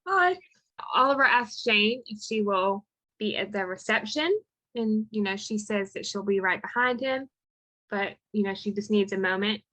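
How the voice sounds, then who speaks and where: Bright-voiced woman podcast co-host. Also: medium pitch. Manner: reads quotes aloud with lively acted inflections. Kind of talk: casual chat recapping a film.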